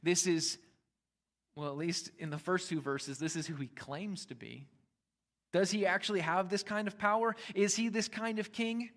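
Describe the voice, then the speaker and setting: A man with a fairly high voice preaches a sermon as the pastor. He talks in an easy, conversational way, leaning hard into key words and then dropping to a hush. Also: fairly even intonation, moderate pace. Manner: conversational preaching with emphatic rises and quiet drops.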